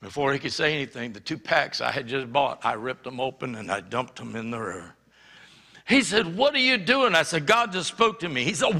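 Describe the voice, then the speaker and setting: A man preaching a sermon, telling a personal story with animated, acted-out quotes. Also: a little high, normal speed, creaky. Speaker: pastor. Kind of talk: sermon testimony. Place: church sanctuary. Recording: church hall reverb.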